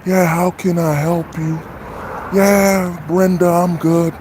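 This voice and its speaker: Man doing a timid, overly polite guy with a high, breathy, bass-free voice. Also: flat delivery, takes it slowly, slight background noise. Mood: mock polite. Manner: gentle, airy and overly polite. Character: meek soft-spoken man hiding his deep voice. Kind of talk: mocking impression during a livestream.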